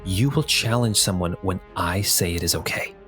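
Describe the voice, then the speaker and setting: A man's voice: low voice, lively intonation, moderate pace, a bit bright, soft background music. A man voicing a stern female ship captain who firmly commands her pupil. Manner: commanding, firm. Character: stern woman ship captain, firm mentor.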